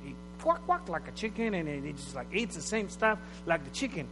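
A man's voice: fairly high pitch, sing-song, fairly quick, music in the background. A man voicing a stubborn farmer who insists on his point in a dismissive, matter-of-fact way. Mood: insistent. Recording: reverberant hall with mains hum.

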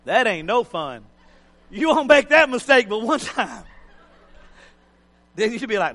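Folksy preacher man, bright and high. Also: big pitch swings, a little slow, long pauses. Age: middle-aged. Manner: folksy, joking, plain-spoken. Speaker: pastor. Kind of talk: sermon. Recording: hall reverb.

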